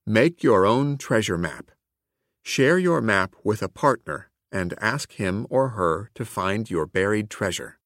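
A man reads a children's story aloud, slow and deliberate, with a lively, sweeping melody. His voice sits on the lower side. The sound is close and dry. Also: no echo. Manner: clear and expressive, like a teacher reading aloud. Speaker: storybook reader.

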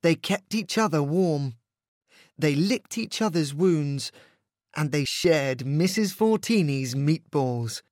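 Male storyteller for a picture book: slow, sing-song, very animated. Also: on the high side, dry recording, clean studio sound. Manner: expressive, sing-song reading. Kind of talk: storybook read-aloud.

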